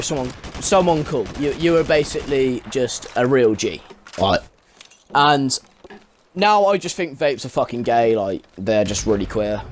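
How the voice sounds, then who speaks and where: A man's voice: mid-range voice, slight background noise. Rambling young guy, swearing a lot. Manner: rambling, swears often, leans on "like" fillers. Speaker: vlogger. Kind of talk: casual storytelling to camera.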